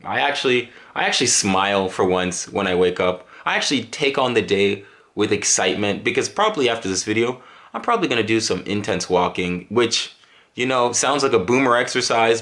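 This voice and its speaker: A man's voice: lowish voice, animated, a little fast, a bit bright. A man from Dallas, Texas, vlogging to camera in a casual, joking monologue full of exaggeration and restarts.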